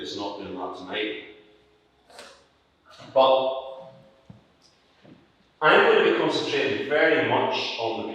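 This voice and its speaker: A Northern Irish man in his sixties giving a public lecture as an archaeologist, measured and hesitant with frequent fillers. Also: lowish voice, a bit bright. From County Antrim, Northern Ireland. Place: public hall. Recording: echoey hall, distant mic.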